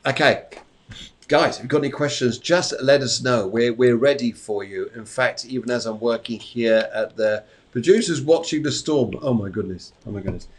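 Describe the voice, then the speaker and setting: A middle-aged man talks at an ordinary pitch as he hosts a live psychic reading show. He rambles chattily, often repeating his words, while he shuffles cards and calls out to viewers. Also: moderate pace. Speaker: psychic medium and show host. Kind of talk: live-stream tarot readings. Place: home during a storm.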